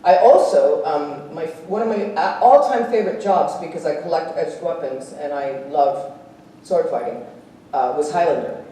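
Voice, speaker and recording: An actress speaking at a convention panel, animated and quick to laugh as she tells stories and acts out voices. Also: low-pitched. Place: convention hall stage. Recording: echoey hall, distant, faint hiss.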